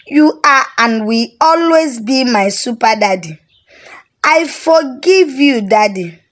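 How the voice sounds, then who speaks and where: A soft, pleading young daughter, tender and tearful, as a woman storyteller puts her on. The voice sits a little high and the words come slowly and carefully.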